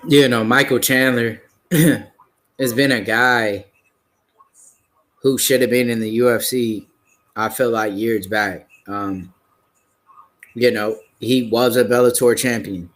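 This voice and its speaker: A man's voice: medium pitch, steady tone, slow pace, pauses often, fairly bright tone. A man previewing an upcoming fight on a live stream, talking casually and hesitantly with many fillers and restarts. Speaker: fight commentator.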